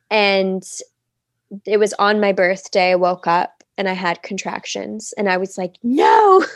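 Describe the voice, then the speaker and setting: A woman's voice: mid-range voice, creaky, dry recording. Chatty woman telling her birth story. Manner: chatty, many "like" fillers, acts out quoted speech. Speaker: podcast guest. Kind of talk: casual personal storytelling.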